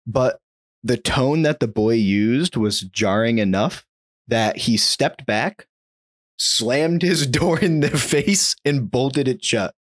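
Animated man telling a spooky story. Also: mid-range voice, takes it slowly, dry recording, studio quality. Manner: animated, chuckles while telling a spooky tale. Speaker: podcast host telling a story. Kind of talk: casual storytelling.

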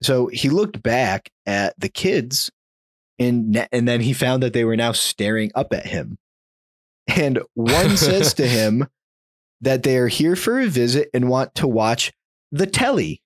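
A man's voice: medium pitch, unhurried, no echo, clean studio sound. A man hosting a podcast, telling a spooky story in a casual way and chuckling now and then. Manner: animated, chuckles while telling a spooky tale.

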